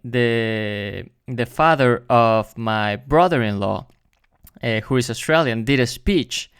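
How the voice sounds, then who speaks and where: A man's voice: medium pitch, a bit bright, clean tone, dry recording, studio quality. Hesitant man. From Mexico. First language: Spanish. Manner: hesitant, many fillers. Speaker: reaction channel host. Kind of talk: casual reaction commentary.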